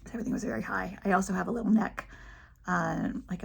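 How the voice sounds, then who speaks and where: A middle-aged woman talks to her camera in a casual, chatty way, sharing stories about living with a movement disorder. She slips into small acted voices when she quotes people. Her pitch sits in the middle range. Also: fast talker, gravelly, breathy edge. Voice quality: head tremor from dystonia. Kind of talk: casual personal vlog.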